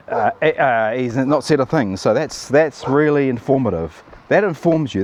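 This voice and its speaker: A man's voice: medium pitch, darkish tone, muffled recording. Blunt, rambling New man. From New Zealand. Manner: rambling, blunt and cheeky with many fillers. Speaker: political commentary host. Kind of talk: casual opinion commentary.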